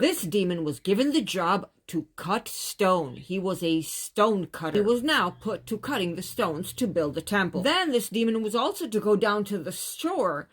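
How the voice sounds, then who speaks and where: Animated woman retelling a legend. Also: mid-range voice, normal speed, few pauses. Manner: casual, animated retelling with modern asides. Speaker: storyteller.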